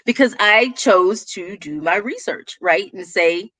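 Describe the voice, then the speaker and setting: A woman with a Texas accent tells stories in a lively interview chat, laughing often as she goes. Her voice is recorded dry and close, with no room sound at all. She talks in an easy, conversational way. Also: medium pitch, measured pace, no echo. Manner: animated storyteller, laughs often. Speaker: guest, business coach.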